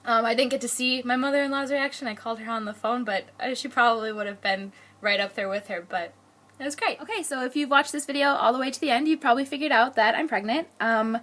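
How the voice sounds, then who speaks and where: A woman's voice: on the high side, quick pace, a bit bright. A young woman telling family stories in a casual, chatty vlog, laughing often. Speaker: vlogger.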